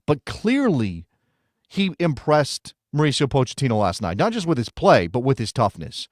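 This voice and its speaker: A man's voice: fairly high pitch, very animated, moderate pace, no echo, clean studio sound. An American man co-hosting a casual soccer talk show, rambling and correcting himself as he talks. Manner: rambling, self-correcting, chatty. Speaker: podcast co-host.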